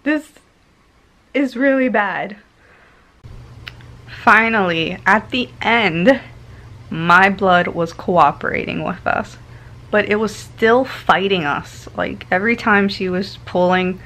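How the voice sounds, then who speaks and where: Speaking slowly in a mid-range voice, a woman vlogger casually tells a personal story. She laughs often and swings between loud and hushed tones.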